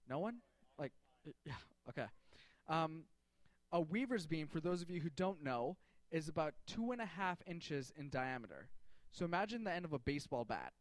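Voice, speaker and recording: A man's voice: on the high side, no echo. A man in a casual, jokey storytelling sermon, talking to a group with slang and fillers.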